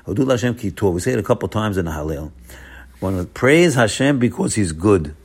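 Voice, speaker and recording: A man teaching Torah as a rabbi delivers his lesson in a brisk, sing-song, husky voice. He presses his points hard, moving between loud cries and soft murmurs and repeating words for stress.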